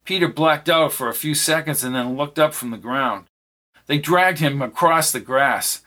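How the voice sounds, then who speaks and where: A man narrating a thriller audiobook in a steady reading voice. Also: fairly high pitch, normal speed.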